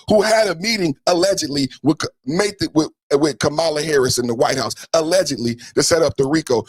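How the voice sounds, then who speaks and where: A man hosting a podcast, giving a fiery, profane political commentary rant with mocking jabs and bursts of shouting. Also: fairly high pitch, breathy edge, no room sound, low-quality recording. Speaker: podcast host.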